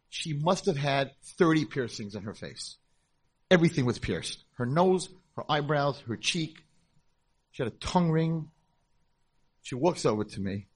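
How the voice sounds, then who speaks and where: A middle-aged man, a rabbi, telling a story to a convention audience in a lively way and acting out the voices in it. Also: medium pitch, breathy edge. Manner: animated storytelling, acts out voices in dialogue. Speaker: rabbi and speaker. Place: convention hall, live talk.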